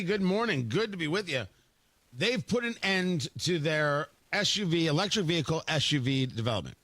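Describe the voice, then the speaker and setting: A man hosting a morning talk radio show with a high, bright, lively voice that swings up and down. He is sarcastic and opinionated, slipping into mocking quotes. The studio sound is dry and close. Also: no room sound. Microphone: studio microphone.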